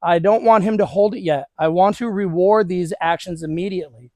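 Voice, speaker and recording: A man's voice: sits high, a little fast, a little mellow, no room sound. A man working as a dog trainer, casually talking viewers through a hands-on demonstration with his dog outdoors.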